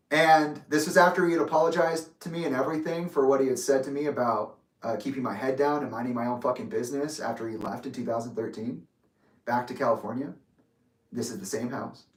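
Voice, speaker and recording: A man's voice: mid-range voice, steady tone, fairly quick. A young man telling a personal story in an emotional monologue, getting heated and swearing as he vents. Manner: angry, heated, swearing, acts out quoted arguments. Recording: roomy echo, voice a bit distant from mic.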